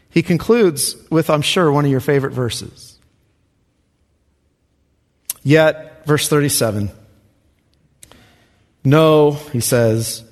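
A male pastor preaching a sermon, emphatic, his voice surging loud and then dropping to a hush. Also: mid-range voice. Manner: emphatic, swinging from loud rises to hushed drops. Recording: reverberant hall.

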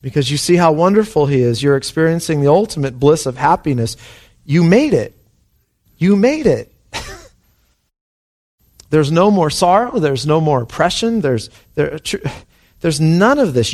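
Male pastor, sermon, lively swooping pitch, fairly high voice, passionate. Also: a little slow, long pauses. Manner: impassioned, swings between hushed and soaring.

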